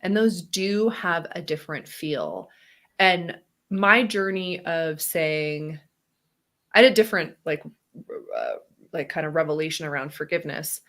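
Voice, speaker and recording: A woman co-hosting a casual, reflective podcast conversation, talking animatedly and acting out quoted voices with laughs. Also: measured pace. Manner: animated, acts out quoted voices with big pitch jumps, laughs often. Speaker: podcast co-host.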